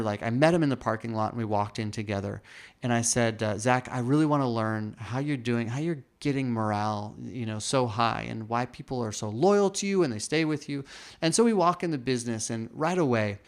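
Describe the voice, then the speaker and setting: A man hosting a podcast, telling a reflective personal story in casual talk and acting out the quoted lines. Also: mid-range voice. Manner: reflective, acts out quoted dialogue. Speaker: podcast host.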